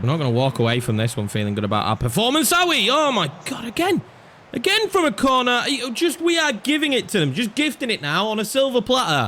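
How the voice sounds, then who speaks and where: Excitable young gamer commentating. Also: male voice, a little high, slight background noise. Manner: excitable, swings from muttering to shouting at goals. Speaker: gaming YouTuber. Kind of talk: live commentary over gameplay.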